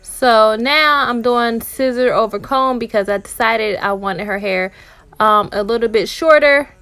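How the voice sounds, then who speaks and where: A woman's voice: on the high side, a little slow, pushed and bright, no echo. A woman, a mother and hair vlogger, narrating a home haircut in a casual, explanatory voice-over full of ums and likes.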